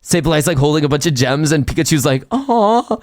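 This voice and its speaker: Young guy streamer opening blind boxes live, high voice, gets hyped fast. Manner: excitable, talks to chat. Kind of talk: live stream haul and unboxing.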